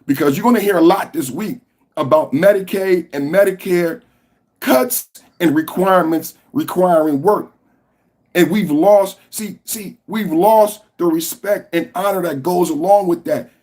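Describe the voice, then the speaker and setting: Husky, impassioned male podcast host. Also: sits high, a little slow. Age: adult with a school-age son. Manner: impassioned, profane, rising to shouts. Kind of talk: political commentary podcast.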